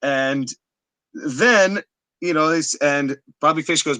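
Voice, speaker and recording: A man hosting a podcast, retelling a story in a casual, animated way with plenty of filler words. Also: fairly high pitch, slow, dry recording. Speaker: podcast host. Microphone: live-stream setup.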